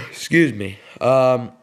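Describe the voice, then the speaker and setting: A man's voice: medium pitch, lively intonation, drawn-out words. A young man hosting his own sports video, rambling with many fillers through a frustrated post-game rant. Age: young adult. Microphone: headset.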